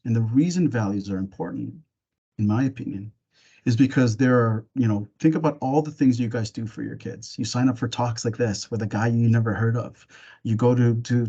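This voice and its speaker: A man presenting a parenting webinar, gently walking listeners through reflective questions in a casual way with some fillers and restarts. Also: medium pitch, steady tone, normal speed, husky, muffled recording. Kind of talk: reflective webinar talk with guided imagery.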